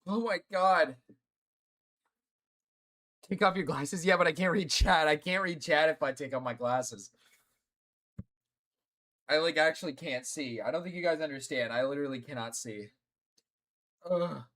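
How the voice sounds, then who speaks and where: Young guy streaming, kinda high voice, teary and hurting, cursing a lot. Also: moderate pace, long pauses, a bit bright. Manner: groaning and swearing in pain from spicy food. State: teary, in pain. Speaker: livestreamer. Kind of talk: casual live-stream chat.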